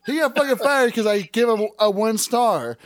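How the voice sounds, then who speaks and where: A man with a high, animated voice cracks crude jokes, swears constantly and keeps laughing as he hosts a loose podcast chat. His voice sits close and dry on the mic with no room sound. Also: normal speed, dry recording. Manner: profane, joking, laughs often. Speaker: podcast host. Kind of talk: casual podcast banter.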